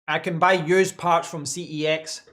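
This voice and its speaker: A man's voice: a little high, little pitch movement, normal speed, fairly bright tone. A man hosting a casual live stream from his home office desk, answering chat in a rambling way and repeating words as he thinks.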